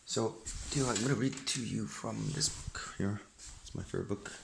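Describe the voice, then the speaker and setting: A man's voice: on the low side, normal speed, creaky, background noise. A man chatting casually to his viewers in a rambling way, often breaking off mid-sentence, and sometimes reading aloud from a book. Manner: rambling, self-interrupting, chatty asides to viewer.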